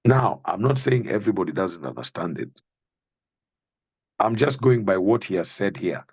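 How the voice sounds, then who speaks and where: A man preaching a sermon, reading and explaining Bible verses slowly and emphatically, speaking directly to the listener. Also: deep voice, big pitch swings, darkish tone, husky, no echo, muffled recording.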